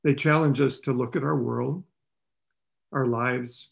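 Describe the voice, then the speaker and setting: A man's voice: fairly even intonation, a little slow, creaky. A man preaching a sermon in a conversational way, asking the listeners rhetorical questions. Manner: voices the characters' lines with rising pitch.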